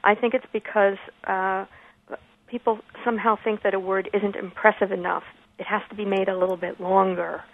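A woman who writes about grammar, a guest on a radio call-in show, explaining usage in a measured, thoughtful way with short pauses. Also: mid-range voice, level tone, creaky. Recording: phone line.

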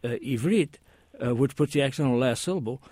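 A man answers listeners on a call-in radio show, rambling through his explanations with frequent pauses and self-corrections. His voice is mid-pitched and sits dry and close to the mic. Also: mellow, no room sound. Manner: rambling, many hesitations and asides. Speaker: guest language expert.

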